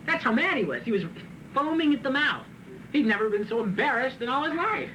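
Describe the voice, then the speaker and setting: A man preaching a sermon, reading scripture and then retelling it in a joking, animated way with frequent laughs. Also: very high-pitched, fairly quick, a little hiss or hum, poor audio. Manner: animated, joking, laughs often at his own asides; reads scripture aloud and then retells it in plain talk. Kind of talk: sermon with Bible reading and commentary.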